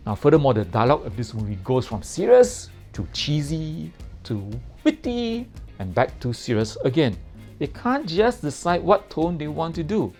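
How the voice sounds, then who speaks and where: Guy reviewing a movie, jokey, repeats stuff for laughs, soft music under it. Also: a little high, sing-song, normal speed. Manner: playful, repeats words for comic emphasis. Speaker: film reviewer. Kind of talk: casual spoken film review.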